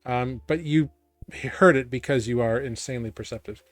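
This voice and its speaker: A man narrating as game master in a tabletop game, describing scenes in a halting way full of fillers. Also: mid-range voice, no room sound, soft background music.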